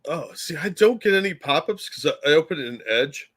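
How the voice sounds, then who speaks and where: A man with a fairly high, bright voice trades jokes on a casual political chat show. He is animated and mocking, with crude ranting asides. His speech jumps around in pitch and tone. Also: fairly quick. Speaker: podcast co-host.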